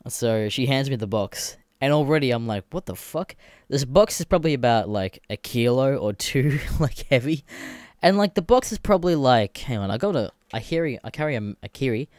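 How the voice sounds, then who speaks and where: A young Australian man hosts a solo podcast, chatting casually in a rambling, sweary way and laughing a lot. His mid-range voice is animated and a bit mellow, at a moderate pace, captured dry with studio quality.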